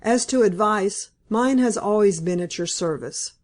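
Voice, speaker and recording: A woman reading the part of a stern, impatient male country gentleman in a storybook, speaking brusquely and emphatically. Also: medium pitch, a little slow, close to an everyday voice.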